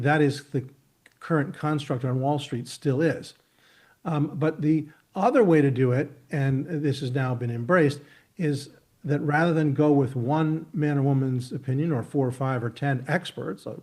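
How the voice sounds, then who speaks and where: A man's voice: medium pitch, darkish tone, breathy edge. A man in his fifties, a guest on a video call, explaining his ideas through long, emphatic, rambling analogies with frequent restarts. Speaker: market technician, interview guest. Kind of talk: expansive storytelling explanation.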